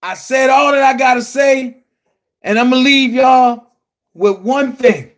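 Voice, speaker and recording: A man delivering a heated, profane rant to his viewers, shouting at times. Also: very high voice, measured pace. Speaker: commentary vlogger. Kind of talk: angry rant to camera.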